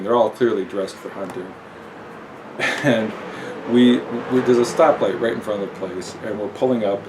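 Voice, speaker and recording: A man's voice: on the low side, background noise. A man telling a personal story in a rambling, self-mocking way, with many fillers. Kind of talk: casual spoken storytelling.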